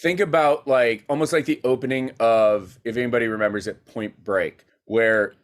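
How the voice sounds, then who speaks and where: A man, a guest filmmaker, telling a story in a casual podcast chat, animated and rapid with many fillers. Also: medium pitch.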